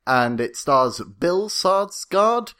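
A man's voice: sits high, big pitch swings, extremely slow, pushed and bright, smooth. A man with a British accent co-hosting a casual film review podcast, joking around and stumbling over names. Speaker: podcast co-host.

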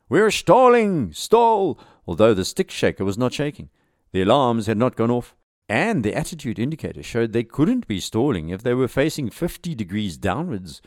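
A man with a very low voice tells an air crash story as documentary narration, drawing on his own flying background. His delivery swings up and down with emphasis, and the voice-over sounds dry and close. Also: no room sound. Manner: measured storytelling with lively emphasis.

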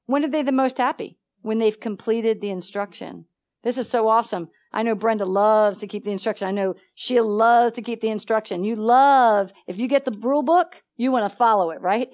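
A woman teaching a church Bible study with animated energy, laughing often and acting out conversations. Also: a little high, brisk. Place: church meeting room.

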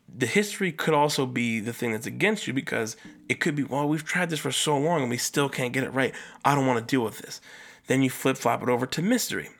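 A male podcast host talking on his own in a loose, rambling monologue. His voice sits at a middle pitch, and he leaps much higher when he stresses a point. He swears freely and fills his talk with "like" and "you know.". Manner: casual, rambling, frequent swearing and fillers; animated, jumps up in pitch for emphasis.

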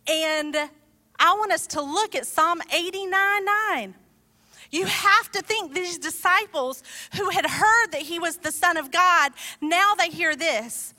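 A woman delivering a sermon with a high, bright voice. She preaches conversationally, telling the story with lively asides. The sound carries a long hall reverb. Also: slow pace.

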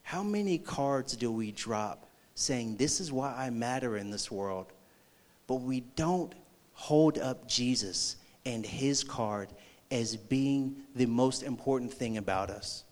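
A man preaching a sermon, acting out a movie scene with energy before turning slow and earnest. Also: medium pitch, expressive. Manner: slows and softens into earnest preaching. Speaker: youth pastor.

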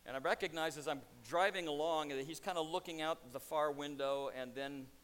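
Booming preacher man in an echoey hall. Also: normal speed, smooth. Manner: preaching with dramatic swings from hushed to loud. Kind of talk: sermon.

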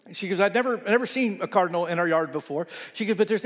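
A man preaching a sermon as pastor, telling stories and quoting people, sometimes dropping to a soft near-whisper. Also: sits high, fast talker, few pauses. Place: church sanctuary. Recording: long reverb in a church hall.

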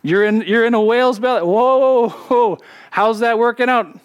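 A man voicing the Lord as he gently teases a runaway prophet with mock-casual questions, repeating them again and again. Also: very high-pitched, normal speed, clear, resonant tone, muffled recording, pitched above the performer's own voice. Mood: teasing.

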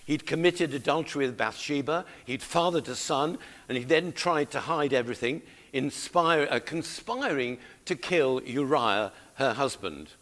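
A man's voice: medium pitch, expressive, moderate pace, few pauses, fairly bright tone. A man preaching a sermon, coaxing his congregation to read along with him. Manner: exhorting, coaxing the congregation to join in.

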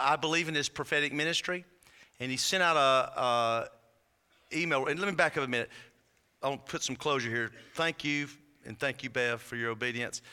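A man's voice: a little high, sharp tone, clean tone. A man, a pastor speaking loosely to his congregation and asking them questions. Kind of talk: sermon talk to a congregation. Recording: echoey church hall, crowd faint.

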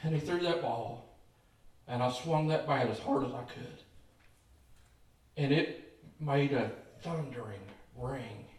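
A man with a mid-range voice preaches as a pastor, moving slowly and pausing often as he tells folksy stories and calls out emphatically to his congregation. The distant mic picks him up in an echoey church hall.

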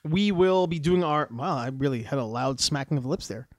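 A man in his forties co-hosting a podcast, rambling and joking in casual banter with bursts of excitement. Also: on the high side, brisk, dry recording. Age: 40s. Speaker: podcast co-host. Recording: dry close mic with faint music.

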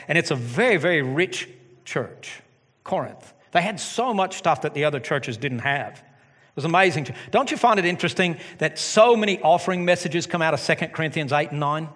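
A middle-aged man preaching a sermon as pastor of his church, animated with joking asides. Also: on the high side, fairly quick. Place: church sanctuary. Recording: long hall reverb.

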